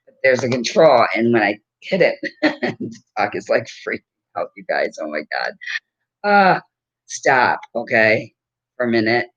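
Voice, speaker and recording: A woman's voice: extremely low pitch, very animated, measured pace, long pauses. A woman in her fifties chatting casually to camera at home, rambling and laughing often as she talks. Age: 50s. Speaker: vlogger. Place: at home with a dog. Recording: dull lo-fi recording.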